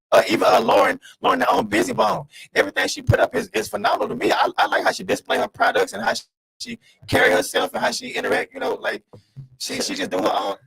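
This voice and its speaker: A man's voice: high-pitched, vocal fry, fairly bright tone, husky, low-quality recording. A man co-hosting a podcast, chatting loosely and rambling, often repeating his words. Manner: loose, rambling, repeats words, says "you know what I mean". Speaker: podcast co-host. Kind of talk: casual group chat.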